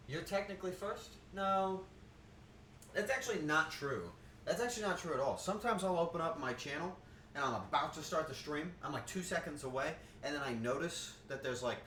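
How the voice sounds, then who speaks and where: A man talks casually to his viewers while cooking, rambling through jokes and swearing offhandedly. His voice is bright and swings widely in pitch. It is caught from across an echoey home kitchen. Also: distant mic, slight background noise. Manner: rambling, jokey, quick to laugh. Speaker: streamer cooking live. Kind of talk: casual live-stream chat.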